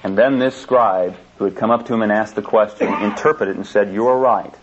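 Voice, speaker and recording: A man's voice: fairly low pitch, brisk, slight background noise. A man preaching a sermon and reading scripture aloud, pressing his points with insistent emphasis and repetition. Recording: dull lo-fi tape recording.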